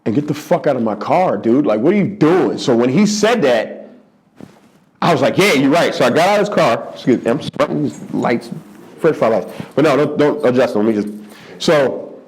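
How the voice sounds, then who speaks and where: A man around forty from the Philadelphia area tells a comic story in an interview, his pitch leaping high whenever he gets excited and dropping low for the punchlines. He stays mid-range in tone, repeats words for emphasis and keeps it lively. He's seated in a studio under hot lights. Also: moderate pace. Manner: animated, repeats for emphasis, jumps into high-pitched voices for quoted people. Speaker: stand-up comedian.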